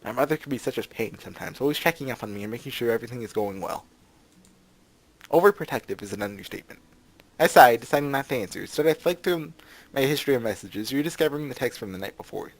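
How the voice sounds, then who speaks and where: Lively sarcastic let's-play guy. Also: mid-range voice, fast talker. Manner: sarcastic, jokey asides between read lines. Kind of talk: reading a visual novel aloud with joking commentary.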